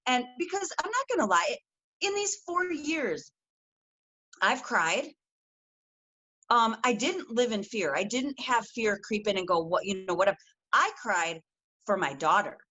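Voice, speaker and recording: A woman's voice: a little high, lively intonation, measured pace, long pauses, bright, forceful tone. A middle-aged woman, a guest coach on a podcast, talking earnestly and acting out quotes as she tells her story. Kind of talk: casual interview chat.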